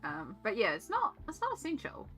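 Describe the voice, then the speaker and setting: This time the young Australian streamer's voice is on the high side and fairly bright, swooping wildly in pitch at a slightly fast pace. She chats and muses aloud as she colours at her art desk, with rambling asides, while soft music plays.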